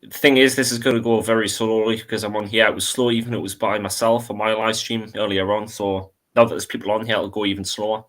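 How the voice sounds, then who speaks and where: A man's voice: on the low side, steady tone, fast talker, few pauses, a bit bright. A man on a live stream, chatty and playful, explaining how things work. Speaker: streamer, co-host. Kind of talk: casual stream chat.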